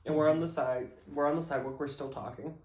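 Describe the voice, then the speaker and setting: A man's voice: on the high side, quick pace. Chatty male podcast storyteller, roomy sound. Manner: animated storyteller, fillers, acts out quotes. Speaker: podcast co-host. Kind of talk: casual storytelling chat. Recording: roomy echo.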